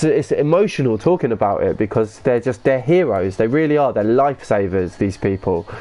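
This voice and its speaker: A man hosting a live gaming stream, talking loosely and excitably as he plays. He reads out viewer comments and answers them in slangy banter, with the odd swear word thrown in. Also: medium pitch, highs cut off.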